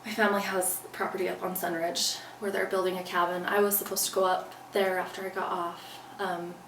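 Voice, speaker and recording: A woman's voice: lowish voice, flat delivery, a little fast, fairly bright tone. A woman recounting a personal story as an interview guest, earnestly acting out what she said back then. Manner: earnest, retells events by acting out her own past lines. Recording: roomy, distant mic, faint background noise.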